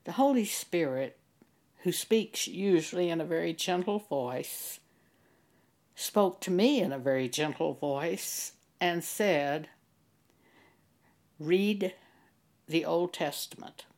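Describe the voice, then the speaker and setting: Woman, Christian author giving a testimony; unhurried and gentle, a little low-pitched. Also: expressive. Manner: slow and deliberate, gentle, measured phrasing. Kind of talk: slow devotional testimony.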